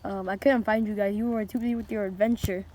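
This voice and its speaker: A woman's voice: mid-range voice, steady tone, fast talker, darkish tone, lightly acted. A woman voicing a hungry, greedy male octopus toy in a toy play story, with a whiny, childish way of pleading. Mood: sheepish.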